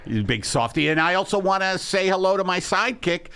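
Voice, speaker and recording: A man in his sixties with a New York accent, hosting a comedy podcast in a ranting style that swings into shouting. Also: sits high, lively intonation, a little fast, creaky, smooth. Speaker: podcast host. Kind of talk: comedic rant.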